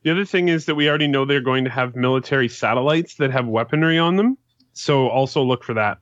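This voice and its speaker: A man's voice: medium pitch, quick pace, a bit bright, dry recording. A man on a casual podcast, explaining game details in a matter-of-fact way. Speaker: podcast co-host. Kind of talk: casual group chat. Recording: dull, dry home mic.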